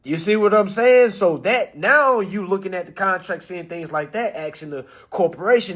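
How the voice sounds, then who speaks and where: A man giving a casual live-stream lecture, animated and full of rhetorical questions. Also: high voice, moderate pace, few pauses. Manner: animated, rhetorical questions, acts out phone calls. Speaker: live-stream presenter teaching contract tactics.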